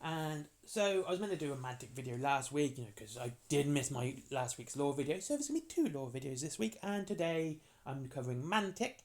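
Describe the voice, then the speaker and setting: Chatty lore explainer, lively pitch. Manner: chatty and jokey, acts out characters in quick asides. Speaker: tabletop game lore explainer. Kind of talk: casual rambling lore explainer.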